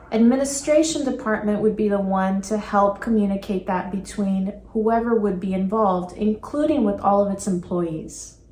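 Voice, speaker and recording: A woman teaching a business English vocabulary lesson, speaking clearly and patiently and slowing down to model how each word is pronounced. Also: medium pitch, a little mellow, roomy sound.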